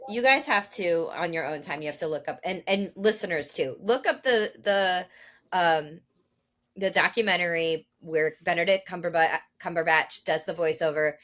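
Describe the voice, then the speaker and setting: A woman's voice: on the low side, moderate pace, a bit bright. A woman co-hosting a podcast in casual chat, telling stories animatedly with swearing and laughter. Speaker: podcast co-host.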